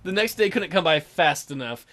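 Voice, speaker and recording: A man's voice: a little high, lively intonation, moderate pace, crowd noise. A man hosting a let's play, reading the game's narration aloud and joking between lines. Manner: reads narration aloud with playful asides. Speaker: let's play host reading the game text.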